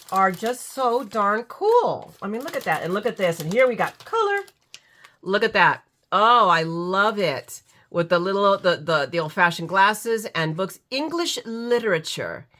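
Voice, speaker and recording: A woman's voice: on the low side, sharp tone. Chatty stuffy-nosed woman gushing over crafts. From United States. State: stuffy runny nose. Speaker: craft channel host. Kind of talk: casual unboxing commentary.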